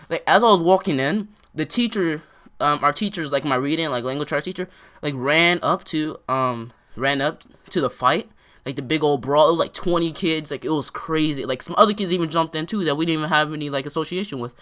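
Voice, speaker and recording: A man's voice: on the high side, pushed and bright. A young man telling a story to the camera in casual vlog style, rambling with lots of filler words. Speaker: vlogger.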